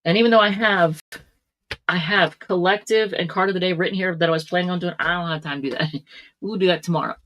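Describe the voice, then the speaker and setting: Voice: medium pitch, fast, fairly bright tone. A tarot reader giving a casual reading to camera, chatty, with frequent laughs and plenty of fillers.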